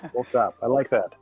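A man with an American accent, chatting casually as a guest teacher, relaxed and thoughtful, often pausing on fillers. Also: medium pitch, slightly rough, muffled recording. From United States. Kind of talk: casual conversational chat.

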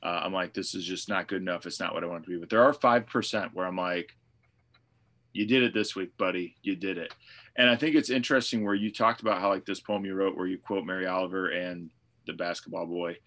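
Low-voiced reflective pastor. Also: male voice, steady tone, brisk, a bit bright. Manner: reflective, thinks aloud with many "like" fillers. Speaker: pastor and podcast co-host. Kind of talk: casual podcast conversation.

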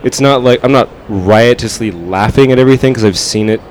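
A man's voice: medium pitch, fairly quick, a little hiss or hum. A man hosting a casual movie review chat, teasing his co-hosts with sarcastic banter. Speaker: podcast host.

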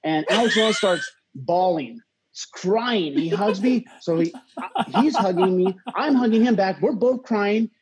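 A crowd can be heard behind this high-pitched man, and the audio is poor. He's a college water polo coach in his thirties telling a live audience a personal story, halting and restarting with many fillers before becoming animated.

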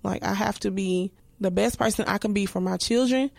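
A woman's voice: medium pitch, fairly quick, creaky, a little mellow, dry recording. A woman in her thirties speaking candidly and reflectively as a podcast guest, full of restarts and filler words. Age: 30s.

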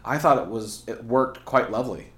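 A man's voice: mid-range voice, moderate pace, a bit bright. A man co-hosting a casual podcast conversation. He is blunt and opinionated and swears offhandedly. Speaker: podcast co-host. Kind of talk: casual chat.

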